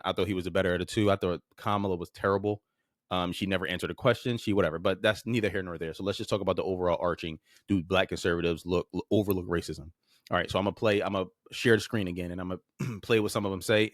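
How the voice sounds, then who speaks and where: A fast-talking male podcast host with a low voice and fairly even intonation gives casual, blunt commentary on clips he plays. He swears offhandedly and restarts phrases, recorded dry in studio quality.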